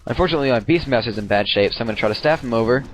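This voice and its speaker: A man's voice: mid-range voice, rapid-fire, slight background noise. A young man casually commenting on his own game replay, rambling, slangy and profane.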